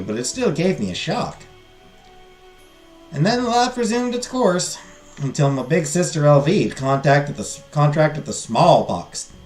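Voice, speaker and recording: A grieving young farm woman, read by a man, tells her story in a slow, sorrowful Southern drawl. Her voice swings widely in pitch. It sits in an echoey room with faint music playing behind it. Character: wistful young woman farmer mourning her siblings. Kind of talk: reading game dialogue aloud.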